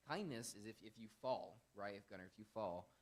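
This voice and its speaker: A young man hosting a casual Bible lesson, earnest and emphatic, with animated bursts when quoting. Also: on the low side, a little fast. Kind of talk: casual Bible teaching chat.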